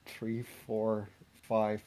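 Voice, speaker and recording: A man's voice: lowish voice, completely flat delivery, very slow, dark tone. A man guest in a casual chat, enthusiastic and self-mocking.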